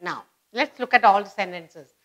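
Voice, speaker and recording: Woman teacher, mid-pitched, patient classroom delivery. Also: moderate pace. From India. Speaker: English teacher. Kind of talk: explaining a grammar lesson.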